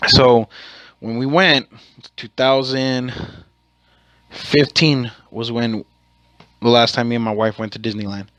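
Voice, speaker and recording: A man's voice: medium pitch, steady tone, slow pace, pauses often, a bit bright, no echo. A man hosting his own podcast, telling a rambling, profane story in a casual way and correcting himself as he goes. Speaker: podcast host.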